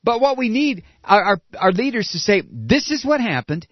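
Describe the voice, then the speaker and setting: A man's voice: high-pitched, very animated, moderate pace, slightly rough, no room sound. A man delivering an angry political rant, profane and sarcastic, with mocking asides. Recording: dull lo-fi recording.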